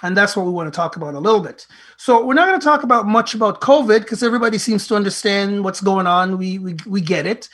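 Speaking fast in a somewhat bright, mid-range voice, this podcast host delivers an earnest pep talk that leans preachy. Listeners get direct advice, plenty of rhetorical questions, and a plainly told retelling of a fable.

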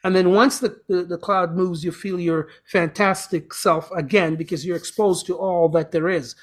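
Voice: medium pitch, steady tone, normal speed. Rambling chatty show host. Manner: rambling, chatty, self-correcting, jokey. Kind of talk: casual spiritual talk.

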